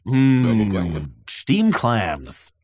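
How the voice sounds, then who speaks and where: Gruff cartoon superintendent, older, suspicious and deadpan, slow low delivery, done by a male streamer. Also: slight background noise, full character voice.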